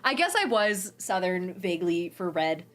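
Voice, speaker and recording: On her live stream, a young woman from the Pacific Northwest reads out viewer comments and chats easygoingly, swearing freely and laughing often. Her delivery is animated yet rambling, full of restarts. She speaks at a moderate pace with a fairly low pitch, over soft background music.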